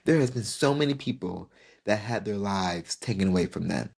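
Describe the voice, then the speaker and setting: A podcast host in his twenties gets tearful as he reflects, heartfelt and emotional, on turning another year older. His voice is lowish and expressive with vocal fry and a darkish tone, at normal speed, and the recording is slightly rough.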